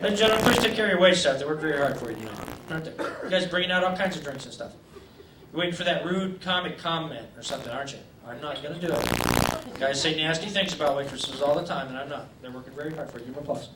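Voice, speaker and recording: A man's voice: on the high side, very fast, recorded from a distance, very noisy. A man doing a stand-up set in a comedy club, teasing the crowd with crude jokes. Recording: roomy club taped from afar, loud crowd.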